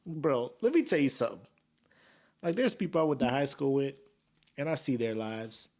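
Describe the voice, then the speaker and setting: A podcast host speaks casually at a moderate pace in a medium-pitched voice. He's animated and slangy, laughing often as he comments.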